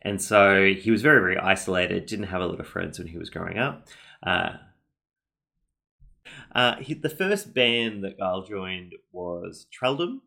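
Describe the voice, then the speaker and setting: A man's voice: deep voice, lively intonation, unhurried, vocal fry, pushed and bright. A man hosting a podcast, chatting casually and rambling with lots of fillers and restarts. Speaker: podcast host. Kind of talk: casual chat.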